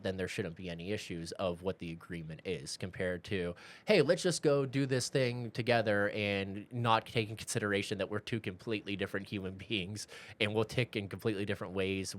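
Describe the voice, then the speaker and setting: A man's voice: sits low, steady tone, brisk, hardly any pauses, fairly bright tone. A man on a podcast, talking things through in a reflective and rambling way, full of fillers. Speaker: podcast co-host. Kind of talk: casual chat.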